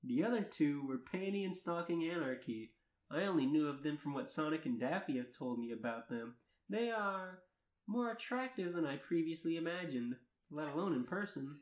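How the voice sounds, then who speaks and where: A man's voice: on the high side, animated, normal speed. Male podcast host, mock-dramatic fanfic reader, echoey space. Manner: earnest mock-dramatic reading, laughing breaks. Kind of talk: comic dramatic reading of fan fiction. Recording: roomy echo.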